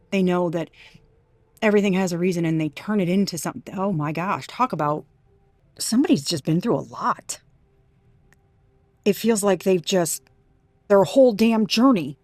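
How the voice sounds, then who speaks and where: A woman's voice: mid-range voice, darkish tone, dry recording. A woman giving an intuitive tarot reading to her viewers, talking emphatically with many restarts and exclamations. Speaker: tarot reader.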